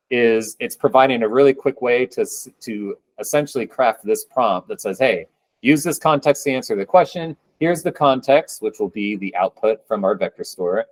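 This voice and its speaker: Male presenter, mid-pitched voice, dry close sound; relaxed, upbeat live demo with joking asides. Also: no room sound, rough recording. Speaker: presenter at a programming meetup.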